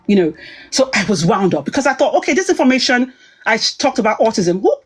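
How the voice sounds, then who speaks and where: A woman's voice: medium pitch, expressive, fast, breathy edge. A woman giving a heated personal monologue on a live stream, emphatic and repetitive, restarting her sentences. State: upset.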